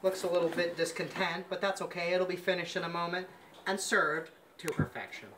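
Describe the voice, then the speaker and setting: A man's voice: high-pitched, steady tone, fairly quick, a bit bright. A man hosting a mock cooking show, gushing pompously over every dish as he works in a home kitchen. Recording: noisy kitchen sound.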